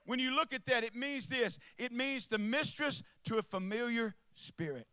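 High-voiced preacher, hushed to shouting. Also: male voice, normal speed, clear, resonant tone, dry recording. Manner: impassioned, swings from hushed to shouting; calls out to the congregation. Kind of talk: sermon.

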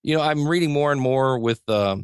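Guest: man, middle pitch, eager and rambling, chuckles often, dry close sound. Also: brisk, smooth, dry recording. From United States. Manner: rambling and enthusiastic, many restarts and chuckles. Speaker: podcasting teacher, guest. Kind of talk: conversational interview.

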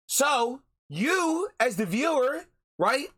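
Slow-paced and a bit bright, a very high-pitched, very animated man hosts a podcast and rants about anime. The review is heated and profane, full of repeated phrases for emphasis, recorded at home in a storm.

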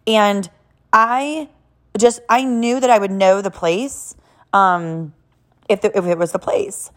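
A woman's voice: mid-range voice, slow pace. A woman in her thirties from Southern California speaks candidly about her faith in a personal talk. Her delivery is emotional and rambling, full of restarts as she works through her thoughts. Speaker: vlogger sharing a personal story.

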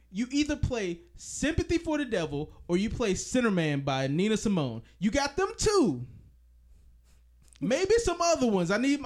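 A man co-hosting a casual movie podcast, his voice pitched high and swinging widely. He laughs often and insists on finishing his point. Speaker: podcast co-host. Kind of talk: casual movie-review chat.

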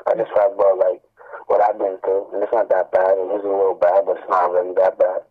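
Slangy rapper on a tinny line. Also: male voice, low-pitched, fast talker. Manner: relaxed, slangy, says "man" a lot. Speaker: rapper, interview guest. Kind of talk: casual interview talk.

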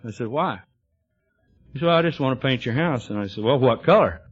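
A man's voice: mid-range voice, expressive, brisk, slightly rough. A man, telling humorous stories to a meeting audience in a dry, drawling way, often adding "you know.". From Texas. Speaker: recovery speaker. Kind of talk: storytelling talk to an audience. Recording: dull lo-fi 1980s tape recording.

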